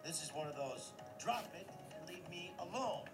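A man doing a gravelly grumbling ogre. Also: high voice, lively intonation, moderate pace. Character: grumpy gravelly ogre, adult male, cartoon. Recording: archive clip played under loud music.

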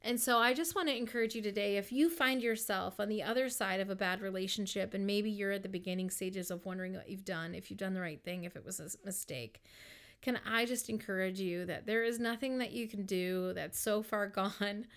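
A woman's voice: medium pitch, a little fast, clean tone. A woman giving an earnest personal testimony in a casual, heartfelt way, with many fillers like "um" and "like". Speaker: Christian speaker sharing a personal testimony.

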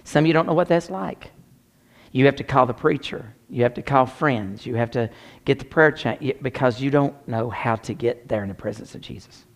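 Male preacher, gravelly voice, swings from loud to hushed, long reverb of a church sanctuary. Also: mid-range voice, normal speed. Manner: dramatic storytelling, drops to near whispers. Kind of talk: sermon with personal story.

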